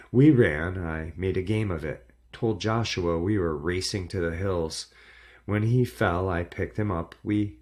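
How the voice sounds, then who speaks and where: A man with a very deep voice reads a horror story aloud. His delivery is measured and dramatic, and he builds tension line by line. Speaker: narrator.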